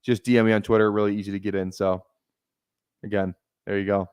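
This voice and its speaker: A man's voice: on the low side, level tone, fast talker, darkish tone, clear, resonant tone, dry recording. A young man casually commenting on a live fantasy football draft stream, rambling, repeating himself and swearing freely.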